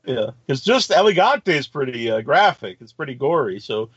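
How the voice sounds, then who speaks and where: A man hosting a casual interview, easygoing and halting as he asks questions. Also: medium pitch, big pitch swings, fairly bright tone, breathy edge, no room sound, muffled recording. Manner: easygoing, laughs along, halting restarts. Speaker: podcast host.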